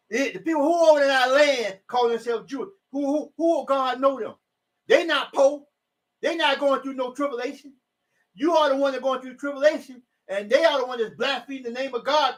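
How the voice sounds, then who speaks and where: A man preaching informally from scripture in a loose, repetitive way, rising to emphatic shouts when he reads the verses. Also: very high voice. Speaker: self-styled preacher.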